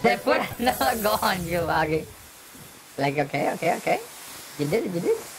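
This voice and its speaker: A middle-aged woman hosting a casual game stream, chatting in a halting way with many fillers and repeated phrases. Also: medium pitch, big pitch swings, music in the background. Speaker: streamer host. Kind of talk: casual gameplay stream chat.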